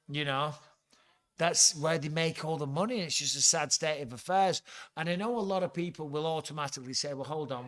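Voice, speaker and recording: A middle-aged man with an English accent, hosting a casual live-stream watch party and talking through the fights, swearing often. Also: on the high side. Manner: swears and says "bloody" often, excitable. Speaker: host.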